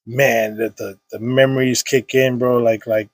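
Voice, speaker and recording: A man's voice: mid-range voice, level tone, measured pace. A man in his thirties, a podcast guest, telling an emotional personal story in casual slang full of restarts and fillers.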